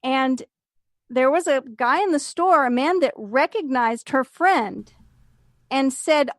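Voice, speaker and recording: A woman with a high voice chats casually on a podcast and retells a story with lively energy. She acts out the people in it and laughs along. Her voice is close and dry, with no room sound. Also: takes it slowly, dry recording. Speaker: podcast co-host.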